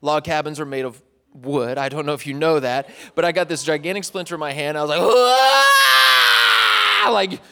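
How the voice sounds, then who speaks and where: A man's voice: on the high side, steady tone, quick pace, in a large hall, very noisy. A young man from East Tennessee giving a casual sermon as pastor, chatty and self-deprecating, joking with the crowd.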